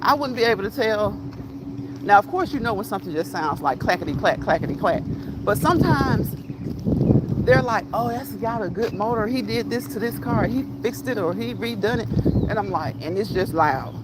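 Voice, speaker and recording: A middle-aged woman talks her way through a casual walking livestream, wandering from thought to thought and chatting straight to her viewers. Her voice is pitched in an ordinary middle range. Street sounds and passing traffic come through clearly behind her. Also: animated, normal speed. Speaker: vlogger reading live chat. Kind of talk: casual walk-and-talk livestream.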